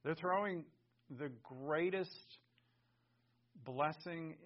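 Emphatic male preacher with a gravelly voice, on a dull, lo-fi sermon recording. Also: fairly high pitch, slow pace, pauses often. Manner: emphatic, swings from loud to hushed. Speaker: pastor.

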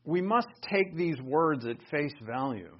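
A man teaching a Bible lesson in sermon style, conversational and animated, raising his voice for emphasis. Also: on the high side, a little slow, slightly rough. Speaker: pastor teaching. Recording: dull lo-fi recording.

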